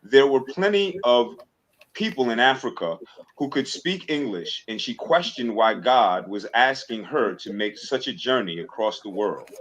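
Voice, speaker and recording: A man's voice: mid-range voice, lively intonation, a little slow, a bit bright, muffled recording, a little hiss or hum. A man hosting a livestream, hesitant and full of fillers, then reading a passage aloud. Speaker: livestream host.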